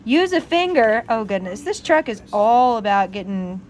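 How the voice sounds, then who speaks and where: Barely pausing, a woman vlogger with a slightly high voice at a moderate pace reads out a car manual and casually explains the repair. She laughs frequently and adds exasperated asides in chatty, animated fashion, with slight background noise.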